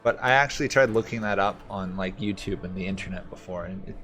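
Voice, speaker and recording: A man streaming a strategy game, thinking aloud in a relaxed, rambling way and answering chat questions. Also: low-pitched, fast talker, music in the background. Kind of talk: casual gameplay commentary.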